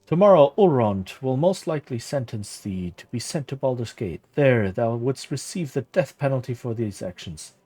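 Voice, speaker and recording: A man's voice: mid-range voice, expressive, moderate pace, hardly any pauses, slightly rough. A man reading as a kindly old monk mentor. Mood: gentle. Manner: old-fashioned formal speech, read aloud softly.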